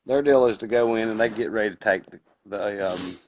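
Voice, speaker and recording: Low-voiced rambling podcast host. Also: male voice, brisk, a little mellow, highs cut off, a little hiss or hum. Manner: rambling storyteller with fillers, colloquial grammar. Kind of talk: casual chat.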